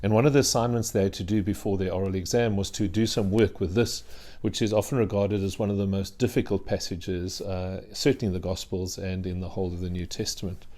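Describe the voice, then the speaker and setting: A male minister preaching a sermon in an earnest, conversational way, with dramatic pauses. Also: low-pitched, little pitch movement, dark tone.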